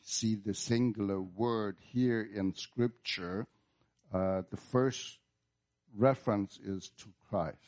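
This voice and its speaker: Slow, deliberate male preacher. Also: on the low side, darkish tone. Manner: slow, deliberate preaching with repeated words and emphatic restarts. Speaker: pastor. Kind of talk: sermon. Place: church.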